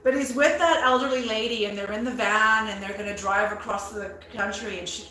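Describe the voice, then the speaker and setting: A woman giving a tarot reading in a slow, musing way, repeating her words and bursting into excitement now and then. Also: medium pitch, reverberant, a little hiss or hum, poor audio. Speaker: tarot reader.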